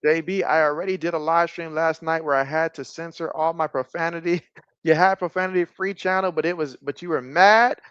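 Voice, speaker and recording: A man calls a college football game live from his desk and chats with viewers between plays, his voice sitting a little high and getting excited on the big moments. The sound is slightly muffled and lo-fi, dry and close with no room around it. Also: brisk, clean tone, no room sound. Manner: chatty, reads viewer comments aloud, bursts of excitement on plays. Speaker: sports streamer doing play-by-play and chat. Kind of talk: casual live-stream commentary.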